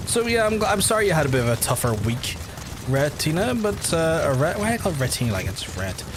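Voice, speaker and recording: A man's voice: a little high, sing-song, fast talker, background noise. A man streaming a video game, chatting casually with his viewers, rambling and swearing freely as he answers their messages. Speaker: gaming livestreamer. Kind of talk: casual livestream chat while playing.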